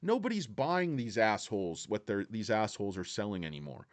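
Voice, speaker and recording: A man's voice: on the low side, very animated, brisk. A man hosting a casual stock market livestream, brash and profane, talking to viewers and reading their chat.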